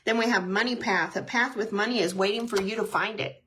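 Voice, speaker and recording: A woman's voice: medium pitch, steady tone, brisk, fairly bright tone. A woman hosting a casual live-stream tarot reading, chatty and heartfelt, with frequent ums and restarts. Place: at home.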